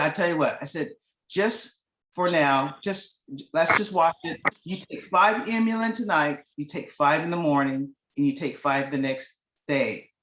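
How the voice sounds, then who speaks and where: Middle-aged woman, chatty testimonial storyteller, low for a woman, echoey room; rambles and restarts. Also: fairly bright tone. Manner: rambling, restarts often, acts out quoted dialogue. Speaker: guest giving a testimonial. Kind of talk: casual storytelling.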